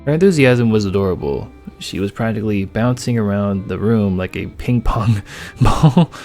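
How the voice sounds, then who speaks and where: Brief: young male gamer, low voice, crude joker, faint guitar music behind. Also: expressive, moderate pace, darkish tone. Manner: joking, crude, reads game text aloud. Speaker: gamer narrating a dating game. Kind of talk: let's play narration.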